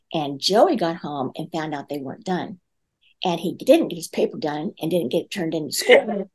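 A middle-aged woman with a lowish voice tells a story in conversation. She acts out both sides of an exchange and leans on plenty of fillers as she goes. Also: slightly rough. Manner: animated storyteller acting out dialogue, many fillers. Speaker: guest parenting speaker.

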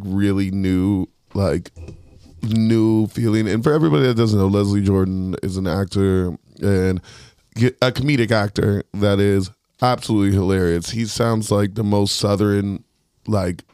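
A man's voice: lowish voice, mellow, smooth, dry recording, studio quality. A young man rambling and swearing in a casual podcast chat, laughing often. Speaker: podcast co-host.

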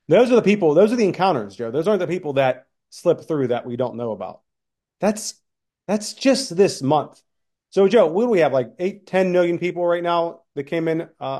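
A man's voice: medium pitch, darkish tone. A man co-hosting a podcast in earnest, alarmed political talk, often turning to his co-host.

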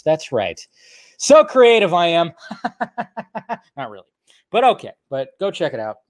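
Rambling man hosting a live stream. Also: medium pitch. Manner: rambling, self-deprecating, lots of fillers and restarts. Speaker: solo host of a film news show. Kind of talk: casual live-stream chat.

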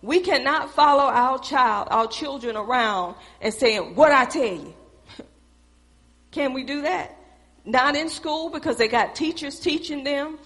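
A woman's voice: high voice, a bit bright, long reverb tail. A woman preaching a sermon in a church, talking straight to the congregation in a conversational, emphatic way.

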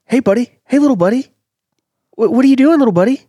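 A man doing a loud, repetitive celebrity impression of an amped grown man with a Boston accent, calling out to a little buddy. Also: very high-pitched, lively intonation, quick pace, husky, dry recording, clean studio sound, pitched above the performer's own voice, exaggerated voice.

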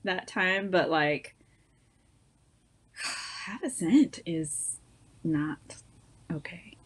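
A young woman with a slightly low voice talks as a guest in an easygoing conversation. She rambles a little as she tells her stories and often laughs along. Her tone stays relaxed and friendly. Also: extremely slow, husky. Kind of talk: casual chat.

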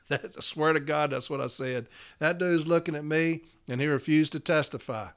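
A man's voice: on the high side, moderate pace, a bit bright. A man telling a work story in a casual podcast as a union representative, blunt and emphatic, swearing freely.

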